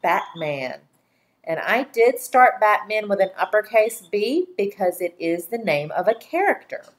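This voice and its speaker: A woman teacher giving a slow dictation lesson to young children, speaking clearly and deliberately and drawing out each syllable. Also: mid-range voice, sing-song. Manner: clear, deliberate, spells words and stretches syllables.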